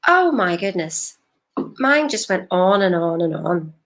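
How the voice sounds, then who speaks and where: A woman's voice: mid-range voice, big pitch swings, unhurried, fairly bright tone. A woman, a life coach talking directly to a live-stream audience in an emphatic, questioning way.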